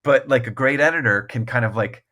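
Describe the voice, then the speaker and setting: A man's voice: mid-range voice, fairly quick, bright, forceful tone. A man speaking as a guest author in a casual podcast conversation, rambling and self-deprecating, full of restarts and laughing often. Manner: laughs often mid-thought.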